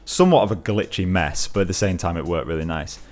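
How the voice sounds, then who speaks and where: A man with a fairly low voice, co-hosting a loose chat about video games. He talks in a relaxed, rambling way and often sounds amused. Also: quick pace. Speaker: co-host. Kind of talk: casual gaming chat.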